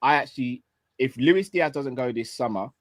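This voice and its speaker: A man's voice: medium pitch, normal speed, dry recording, clean studio sound. A man co-hosting a football fan live stream, laughing and offering eager opinions in casual banter.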